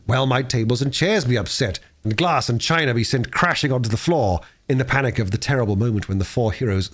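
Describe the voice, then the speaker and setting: A man reading a classic novel aloud in an expressive, lively storytelling manner, with the odd small slip. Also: medium pitch. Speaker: audiobook reader.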